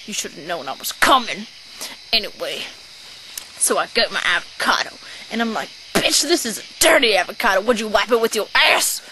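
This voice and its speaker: A woman's voice: medium pitch, lively intonation, normal speed, lightly acted. A woman playing a foul-mouthed, bossy young shopper who rants and swears constantly in an amateur sketch. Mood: ranting. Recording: noisy home recording.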